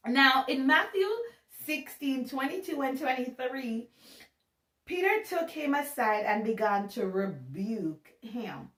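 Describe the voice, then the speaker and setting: A woman giving a casual, animated Bible talk, chatty and joking at her own expense. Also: sits high, slow pace. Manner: chatty and animated, laughs at herself. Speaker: Bible teacher. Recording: roomy sound from a distance.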